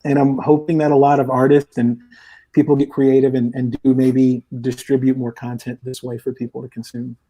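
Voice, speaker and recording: Heard over a remote call through a headset or headphones, a man chats casually as a live podcast guest, rambling loosely and restarting often. His medium-pitched voice is mellow and level, at a moderate pace.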